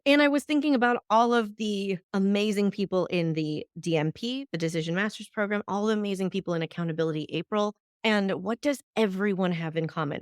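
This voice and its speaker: A woman hosting a solo coaching podcast, energetic and upbeat, asking many rhetorical questions. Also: medium pitch, no room sound, clean studio sound. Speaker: podcast host and decision coach. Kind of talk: solo motivational podcast monologue.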